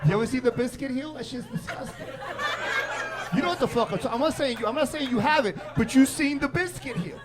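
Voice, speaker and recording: A high-voiced man works a stand-up crowd, brash and profane. He is recorded live in a comedy club, with loud laughter from the audience around him. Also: lively intonation, brisk, background noise. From New York.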